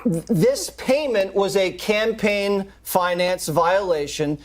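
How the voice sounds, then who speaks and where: A man's voice: sits high, slow. A man speaking as a pundit on a TV panel, chatty and recounting events. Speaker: news pundit. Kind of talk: conversational TV panel talk.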